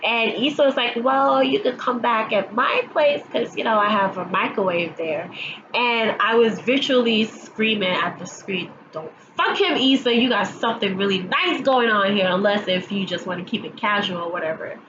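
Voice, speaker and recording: A woman's voice: medium pitch, normal speed. A woman with allergies chatting through a casual episode recap vlog at home, acting out the characters' lines as she goes. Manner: chatty storyteller, acting out quotes, laughing along. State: stuffy with allergies. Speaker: TV episode reviewer. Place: at home, sirens passing outside. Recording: dull home recording with audible background noise.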